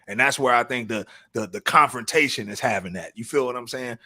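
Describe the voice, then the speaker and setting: A man's voice: mid-range voice, a little fast, pushed and bright. Laid-back streetwise male podcast host. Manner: laid-back, streetwise slang, frequent restarts. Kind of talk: casual podcast chat.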